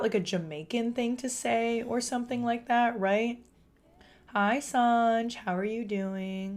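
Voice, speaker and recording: A young woman live streamer with a self-described monotone voice, chatting casually from her room at home. She reads and answers her chat as she talks. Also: mid-range voice.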